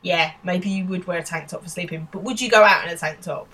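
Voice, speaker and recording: A woman's voice: fairly low pitch, fast talker, bright, forceful tone, rough recording. A woman from England co-hosting a podcast, animatedly retelling a sitcom and voicing its characters' lines. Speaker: podcast co-host. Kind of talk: casual chat recapping a show.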